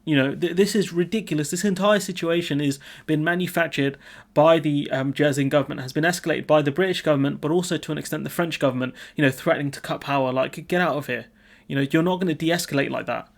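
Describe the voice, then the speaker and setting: A young man with a slightly higher voice delivers casual news commentary. He sounds informal and opinionated, and keeps his sentences going with frequent fillers. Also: quick pace, creaky.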